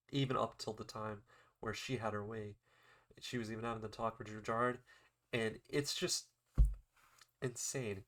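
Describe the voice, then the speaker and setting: Young male reviewer, low-ish voice, loose chatty recap full of "like". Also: steady tone, normal speed, fairly bright tone. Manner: rambling, filler-heavy retelling with acted-out quotes. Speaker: anime episode reviewer. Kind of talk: casual recap.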